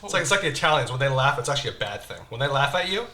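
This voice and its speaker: A man's voice: mid-range voice, animated, racing, pushed and bright. A man hosting a casual interview over spicy wings, chatty, laughing often and restarting his questions. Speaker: host, real estate agent. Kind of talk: casual hot-wing interview chat.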